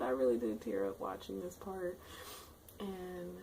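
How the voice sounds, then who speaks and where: A woman's voice: lowish voice, very animated, a little slow, gravelly, warm tone, a little hiss or hum, low-quality recording. A young woman recapping an episode in a casual vlog, rambling and emotional, with frequent exclamations. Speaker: anime reviewer.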